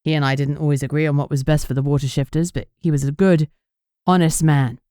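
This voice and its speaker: A woman voicing a steady, protective man who speaks in a low, soothing but firm way. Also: fast, clean tone, no echo, clean studio sound, lightly acted.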